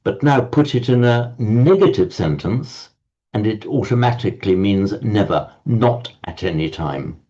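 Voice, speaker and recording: A man teaching a Sanskrit class online, explaining slowly and often repeating words as he searches for them. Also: lowish voice, animated, warm tone, dull audio.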